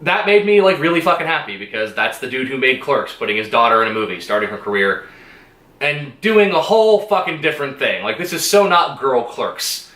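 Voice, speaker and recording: A man's voice: mid-range voice, expressive, a little fast, bright, forceful tone, reverberant. A man giving a casual movie review, rambling and enthusiastic, swearing freely and laughing often.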